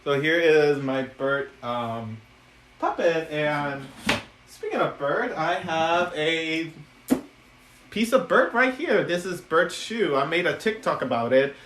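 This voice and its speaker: Chatty man with a slightly high voice. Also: expressive, slow, noisy background. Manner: chatty, giggly, lots of ums and restarts. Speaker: puppet maker live streamer. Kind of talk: casual live stream chat. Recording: echoey room.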